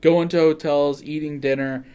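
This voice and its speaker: A man hosting a casual horror podcast. He talks in an excitable way, swears freely and often corrects himself mid-sentence. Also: on the high side, normal speed, clean tone. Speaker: podcast host.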